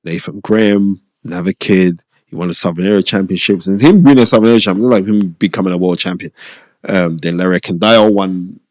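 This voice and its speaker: A middle-aged man, telling stories as an interview guest in an animated, emphatic way and repeating phrases for stress. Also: low-pitched, brisk, no room sound, clean studio sound. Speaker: guest, boxing pundit and former TV host. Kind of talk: casual interview storytelling.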